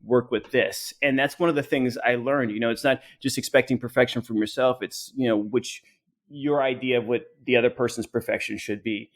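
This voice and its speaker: Podcast co-host, man, casual storyteller, self-deprecating, mid-pitched. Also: steady tone, brisk. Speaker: teacher and improv comedian. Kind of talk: casual chat.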